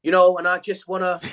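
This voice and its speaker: A man tells a story on a casual football podcast, acting out both sides of an argument. His pitch swings widely from line to line. He swears freely and speaks in a loose, conversational way. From England. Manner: animated storyteller, acts out quoted exchanges, swears freely. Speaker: podcast co-host, former footballer. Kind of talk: casual chat.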